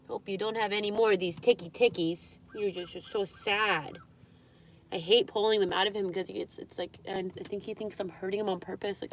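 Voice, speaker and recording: Young woman streamer, chatty, sniffly nose, coos at her pets in baby talk, mid-pitched voice. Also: moderate pace, a little hiss or hum. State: runny nose. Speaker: live streamer. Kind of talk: casual live-stream chat.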